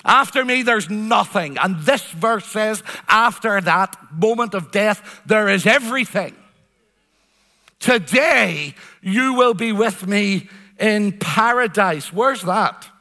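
A man's voice: high-pitched, lively intonation, takes it slowly, bright, forceful tone. A man preaching a sermon, earnest and emphatic, repeating phrases for weight. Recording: long hall reverb.

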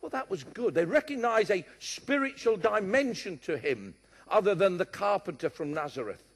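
A middle-aged man with a West London accent preaches a sermon in a high, lively voice that swings widely in pitch. He drives his points home emphatically and drops in joking asides. His voice carries a long reverb from a large hall. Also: normal speed. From born in Scotland, raised partly in London.

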